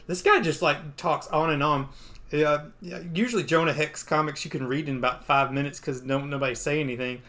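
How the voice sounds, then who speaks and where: A man's voice: on the high side, brisk, pushed and bright. A man co-hosting a podcast, casually retelling a comic book story. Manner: casual, filler-heavy, playful. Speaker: podcast co-host.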